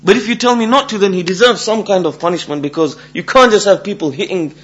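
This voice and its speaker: A man voicing an angry, indignant young man in a spoken folk tale, shouting his complaints. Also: sits high, quick pace, muffled recording. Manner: shouting, outraged.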